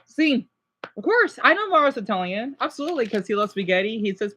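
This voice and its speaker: A man's voice: very high-pitched, brisk. Rambling young man vlogging. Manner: rambling, self-interrupting, animated complaints. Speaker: gaming vlogger. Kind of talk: casual commentary while drawing a chart.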